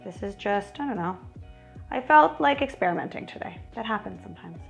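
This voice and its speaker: A woman's voice: medium pitch, expressive, brisk, vocal fry, faint music behind. A woman hosting a cooking show in her home kitchen, chatty and wry as she talks through each step. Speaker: cooking channel host. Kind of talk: casual cooking demonstration.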